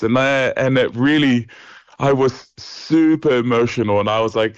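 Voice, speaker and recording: A man's voice: mid-range voice, normal speed, clear, resonant tone, no echo, lo-fi sound. A man, an opera singer guest chatting in an interview over a remote line, laughing often and restarting sentences. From New Zealand. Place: hotel or home in Europe, remote.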